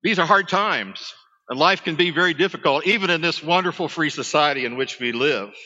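A man's voice: fairly high pitch, brisk, bright, forceful tone, long reverb tail, highs cut off. A man, preaching a sermon as a pastor, talking conversationally with asides to his congregation.

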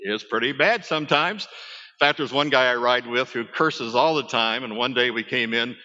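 A man's voice: medium pitch, moderate pace, pushed and bright, big-room sound, highs cut off. A man, preaching a sermon as a pastor, talking conversationally with asides to his congregation.

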